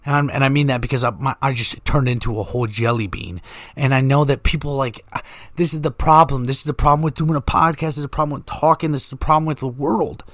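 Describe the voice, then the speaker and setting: A man's voice: medium pitch, fast talker, a bit bright, no echo, studio quality. Rambling profane man. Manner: joking, profane, goes off on tangents. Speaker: podcast host. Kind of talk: rambling comedic monologue.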